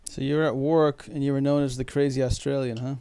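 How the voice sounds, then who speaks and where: A man's voice: medium pitch, flat delivery, a little fast, dark tone, clean tone. A man co-hosting a casual chat, teasing his friends and laughing often. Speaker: co-host.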